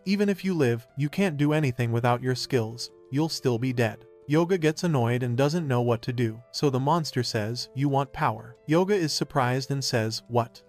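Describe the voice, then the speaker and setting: A man's voice: medium pitch, a little mellow. A man narrating a plot recap and reading the characters' lines in his own voice.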